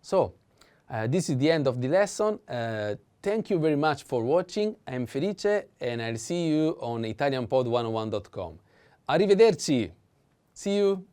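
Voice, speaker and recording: Guy teaching vocab, really expressive up and down pitch, slow careful drills w/ lots of uh. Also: smooth. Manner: slow and careful, with hesitant fillers. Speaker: Italian language teacher. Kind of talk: vocabulary lesson with repetition drills.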